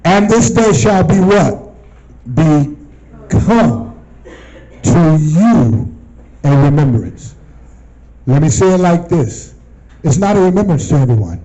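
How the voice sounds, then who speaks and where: A man teaching from scripture to a group, often pausing to ask them questions and repeating phrases for them to answer. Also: fairly high pitch, big pitch swings, dark tone, dull audio. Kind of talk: call-and-response Bible teaching.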